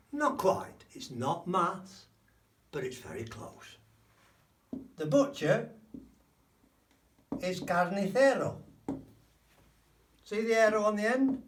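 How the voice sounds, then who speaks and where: A man giving a spoken language lesson, explaining slowly and repeating key words. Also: sits high, far from the mic. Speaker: language teacher.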